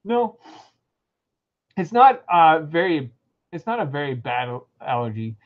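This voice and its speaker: A man's voice: on the high side, sing-song, unhurried. A flustered human crewman who can't stop sneezing and sniffling, as a man puts him on while reading aloud. The voice jumps around a lot. The recording is dull and lo-fi. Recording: dull lo-fi sound.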